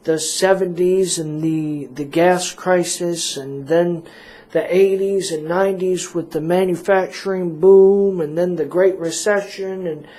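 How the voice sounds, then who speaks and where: Male talk radio host, slow and meandering, self-deprecating humor. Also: high voice, steady tone, dark tone. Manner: rambling, self-mocking, full of fillers.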